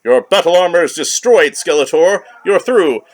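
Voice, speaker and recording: A man's voice: sits high, lively intonation, normal speed, pitched above the performer's own voice. A man voicing a brave, muscular comic-book warrior hero in a firm, declaiming manner. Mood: triumphant. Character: heroic muscular warrior, male, brave and stern.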